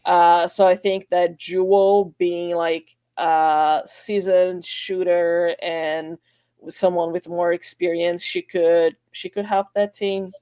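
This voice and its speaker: A woman's voice: on the low side, little pitch movement, slow pace, mellow, smooth, no room sound. A woman co-hosting a casual sports podcast, speaking in a hesitant, thoughtful way with many fillers. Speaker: podcast co-host.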